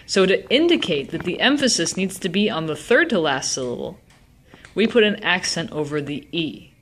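Woman teaching Spanish in a low voice. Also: lively intonation, a little hiss or hum. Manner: slow, deliberate word demonstrations. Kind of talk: classroom-style explanation.

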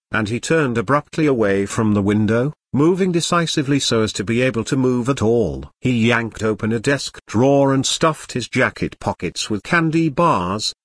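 This is a synthetic man's voice reading fiction aloud, with a slightly husky grain. Its pitch rises and falls in lively swings, and the sound is dry and close. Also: no echo. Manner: even machine-read delivery. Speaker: audiobook narrator. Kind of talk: synthetic audiobook narration.

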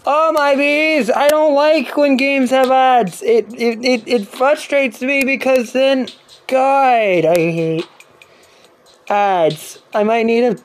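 A woman doing let's-play commentary, exasperated and swearing under her breath, swinging between shrill frustrated yells and low muttering. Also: slow, slight background noise. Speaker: gaming channel host. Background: faint game music.

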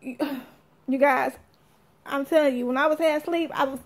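A woman tells her viewers a story, animated and talkative, calling them y'all. Her voice sits high for a woman. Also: normal speed. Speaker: vlogger.

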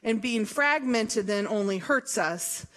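A woman's voice: a little high, slow pace. A middle-aged woman from Missouri, an association leader giving an emphatic, jokey, conversational speech at a forum. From Columbia, Missouri. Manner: lively, emphatic, jokey, with laughs and rhetorical questions.

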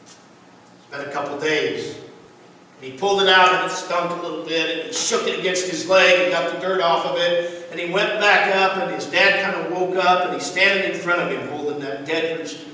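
Male pastor, earnest storytelling sermon, high voice, distant mic in a reverberant hall. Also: fairly even intonation, moderate pace, pushed and bright, slight background noise. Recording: echoey church hall from far off.

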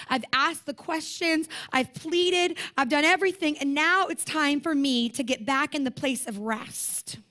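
A young woman with a high, somewhat bright voice preaches a sermon as a conference speaker. She addresses the room in a passionate, conversational manner, repeating her points.

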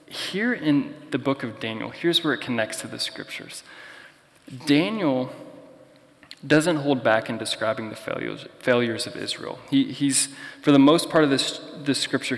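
A young pastor preaches in a relaxed, storytelling manner at an ordinary pitch. His voice rings in a long reverberant church hall. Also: measured pace. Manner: conversational, storytelling. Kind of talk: sermon.

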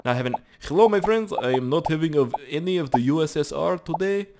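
A man voicing a pleading man from Chernobyl with a heavy put-on Russian accent and halting broken phrasing. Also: fairly high pitch, expressive, noisy background, voice pushed up.

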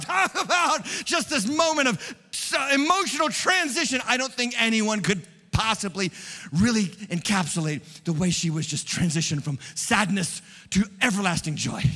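A man preaching an Easter sermon as pastor, animated, dropping to a hush and then rising loud and fast. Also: sits high, husky, long reverb tail. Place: large church hall.

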